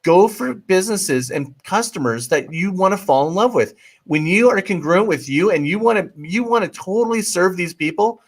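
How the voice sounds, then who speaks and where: A man with a fairly high voice speaks as an interview guest coaching on marketing. He is emphatic and almost pleading. He cuts himself off and restarts, and he drops the occasional swear word for force. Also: lively intonation, normal speed, breathy edge. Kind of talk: casual livestream interview.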